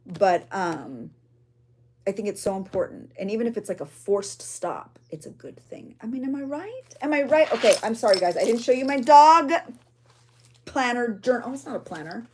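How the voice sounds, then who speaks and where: A woman's voice: medium pitch, expressive, normal speed, a little mellow, a little hiss or hum. A woman hosting a craft journaling vlog, chatty and emotional, rambling with fillers as she shows her pages. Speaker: junk journaling video host.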